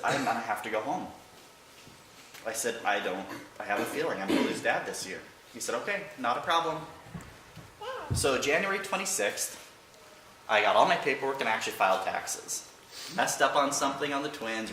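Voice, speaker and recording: A man giving an emotional personal remembrance of his late father to a church congregation, halting at times but with wry humor. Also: medium pitch, expressive, bright, forceful tone, recorded from a distance, a little hiss or hum. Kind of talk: personal storytelling speech. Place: large church hall. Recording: echoey hall, picked up from afar.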